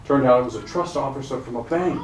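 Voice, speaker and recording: Speaking fast in a mid-range voice, a middle-aged preacher from Charlotte, North Carolina puts questions to his congregation and calls for responses. The recording is very noisy, with roomy chapel acoustics picked up from afar.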